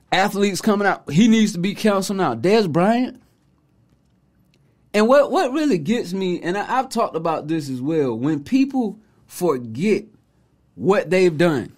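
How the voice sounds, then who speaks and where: Animated opinionated male podcast host. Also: high-pitched, a little slow. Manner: animated, preachy, mocking, colloquial slang. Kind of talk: opinionated commentary monologue.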